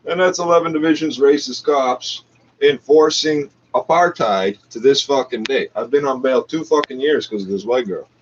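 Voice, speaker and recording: A man's voice: medium pitch, normal speed. A man delivering a profane, ranting monologue, sometimes acting out other people. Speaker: internet radio talker. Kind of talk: angry monologue over a radio feed. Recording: dull lo-fi mic with faint noise.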